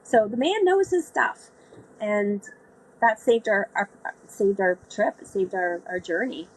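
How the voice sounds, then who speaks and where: A woman's voice: medium pitch, unhurried, slightly rough, rough recording. A woman guest in an interview, telling a vivid story and acting out the voices she quotes. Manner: animated storyteller, acts out quoted speech. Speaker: guest, sailor.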